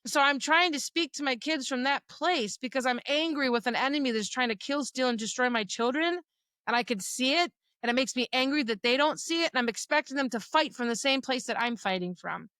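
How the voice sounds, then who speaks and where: Bright-voiced earnest woman podcast host. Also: sits high, brisk, no room sound. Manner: earnest, emotional at times, uses quoted dialogue. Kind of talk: personal faith talk.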